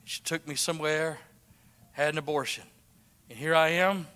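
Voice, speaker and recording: A fervent male preacher with a bright, forceful and slightly high voice. He swings from loud declarations to hushed whispers and repeats his phrases for emphasis. His sermon carries the long reverb of a church hall. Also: fairly even intonation, normal speed, smooth.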